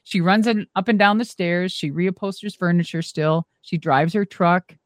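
Lively middle-aged woman telling stories. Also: lowish voice, moderate pace, dry recording. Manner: animated, swears freely, acts out quotes. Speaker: interview guest; former wrestler and monster truck driver. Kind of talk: casual storytelling.

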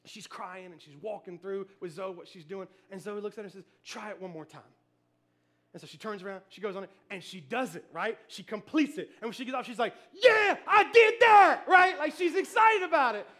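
A male pastor preaching a sermon, telling family stories with animated energy, shouting cheers and then dropping soft. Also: high voice, fast talker, hardly any pauses.

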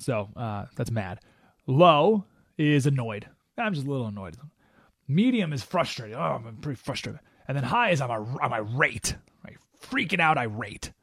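A man's voice: medium pitch, dry recording, clean studio sound. A man hosting a radio talk show, giving an emphatic, opinionated monologue and acting out the voices he quotes. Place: radio studio.

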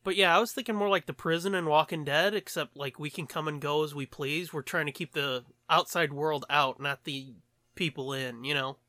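A man's voice: fairly high pitch, steady tone, moderate pace, bright, forceful tone, dry recording. A man co-hosting a podcast in casual chat, rambling and joking, swearing freely and laughing often. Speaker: podcast co-host.

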